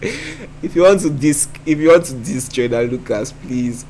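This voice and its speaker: A man's voice: medium pitch, expressive, a little slow, darkish tone, slight background noise. A man hosting a reaction video, breaking down rap lyrics in a thoughtful way and often repeating himself as he thinks aloud.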